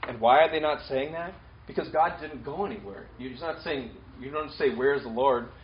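A man's voice: mid-range voice, a little fast, muffled recording, slight background noise. A male pastor preaching a conversational sermon, repeating his key points with casual fillers and restarts.

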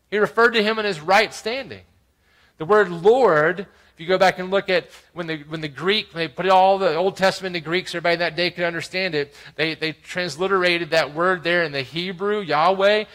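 High-voiced preaching man. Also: rough recording. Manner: expository preaching with frequent "right?" asides; dynamic, swinging from loud emphasis to quiet asides. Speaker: pastor. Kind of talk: sermon.

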